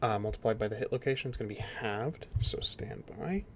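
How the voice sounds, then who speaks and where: A man as game master of a tabletop game, speaking in a laid-back way with many fillers and shifting into slow, dramatic narration. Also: fairly low pitch, a little hiss or hum.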